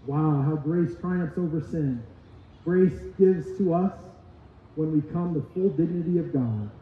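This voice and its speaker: High-voiced preacher in an echoey church. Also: male voice, a little hiss or hum. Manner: emphatic, repetitive preaching. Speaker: pastor. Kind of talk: sermon. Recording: echoey hall, tinny lo-fi sound.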